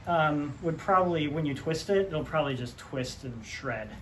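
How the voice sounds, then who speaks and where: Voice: medium pitch, expressive, moderate pace, a bit bright. A DIY host chatting casually and joking while building in a workshop, thinking aloud as they go. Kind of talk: casual workshop how-to chat. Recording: noisy workshop recording.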